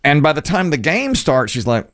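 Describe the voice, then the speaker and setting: A man co-hosting a casual radio show, telling long animated stories and jumping into squeaky voices for the people he quotes. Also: normal speed. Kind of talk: casual morning radio banter.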